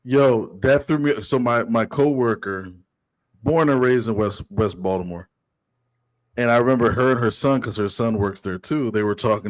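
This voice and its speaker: A man co-hosting a podcast, telling an anecdote in a laughing, animated way. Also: mid-range voice, moderate pace, low-quality recording. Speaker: podcast co-host. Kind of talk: casual sports chat.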